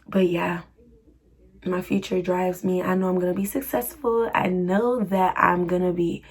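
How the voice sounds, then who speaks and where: A woman's voice: on the low side, darkish tone, slightly rough. A young woman vlogger answering viewer questions in a chatty, slangy, laughing style. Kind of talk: casual Q&A chat.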